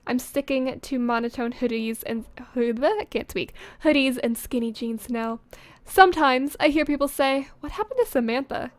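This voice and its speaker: A teenage girl vlogger reading her old writing aloud in a casual, self-mocking way, breaking off into giggles and quiet muttered asides, recorded close on a studio condenser microphone at home. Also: high voice, unhurried, no echo.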